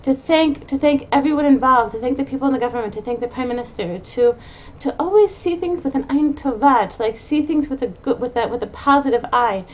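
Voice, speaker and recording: Earnest woman doing a pep talk, kinda high voice, keeps restarting, faint hiss behind. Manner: earnest, repeats and restarts phrases, rushes in bursts. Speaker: podcast host giving a pep talk to mothers. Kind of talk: unscripted monologue.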